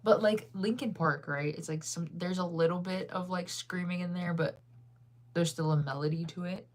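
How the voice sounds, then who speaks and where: Young woman streaming, chatty, laughs a lot, kinda low voice. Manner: chatty, laughs often, reads chat aloud. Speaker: livestreamer. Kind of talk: casual chat reading viewer comments.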